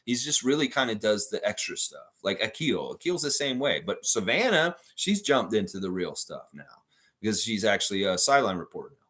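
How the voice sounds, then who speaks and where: Male livestream host with a low voice and lively delivery, chatty, reads out fan comments. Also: a little fast. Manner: chatty, reads viewer comments aloud and answers them. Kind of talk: casual sports reaction livestream.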